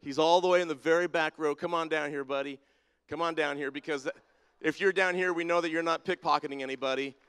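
A man with a slightly high, steady, slightly bright voice that is clear and resonant speaks quickly while leading a playful congregation activity. He teases the crowd and calls people down by name in a large sanctuary with a balcony and spotlights, where the sound reverberates long, as in a big hall.

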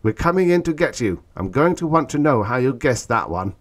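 A man's voice: medium pitch, animated, normal speed, voice pushed up, natural voice. A man reading an audiobook, voicing a tense human male commander who hisses urgent orders over a radio link.

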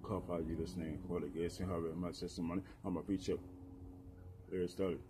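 A man giving a halting, rambling preaching testimony as a self-described preacher, full of fillers and repeated phrases. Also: sits low, little pitch movement, noisy background. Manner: halting, filler-heavy, repetitive. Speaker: street preacher.

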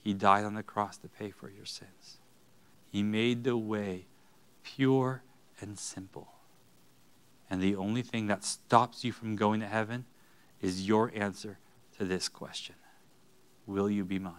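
A man's voice: on the low side, fairly even intonation, a little slow, pauses often, clear, resonant tone. A man preaching an earnest sermon in a church, rising to emphatic bursts. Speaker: pastor.

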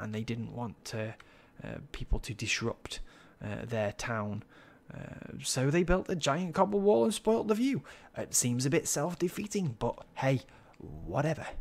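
A man with a gravelly, mid-pitched voice hosts a Minecraft server tour, offering relaxed, chatty gameplay commentary. He admires what he sees along the way, filling pauses with ums and uhs.

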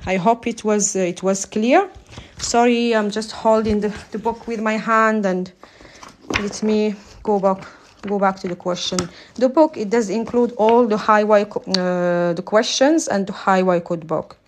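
A woman tutoring over a live stream, talking in friendly, loose English that is not her first language. She chats with her viewers, reads through rules, and keeps checking in with a quick "yeah?" at the end of her sentences. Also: medium pitch, fairly even intonation, a little hiss or hum. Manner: chatty, tags sentences with "yeah?"; apologizes for her accent, non-native English. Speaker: driving theory test tutor. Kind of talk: casual live-stream lesson.

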